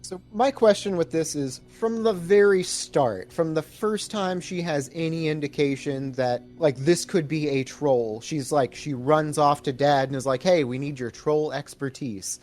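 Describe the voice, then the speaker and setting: A man's voice: a little high, unhurried, few pauses, a little mellow. Man making dry, wry podcast asides. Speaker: podcast co-host. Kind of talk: casual movie review chat.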